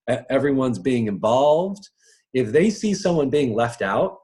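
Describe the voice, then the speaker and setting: An animated male coach talks casually to a live audience, his pitch rising and falling freely. He chuckles often and drops into quick little voices along the way. His voice sits in an ordinary middle register. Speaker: strengths coach.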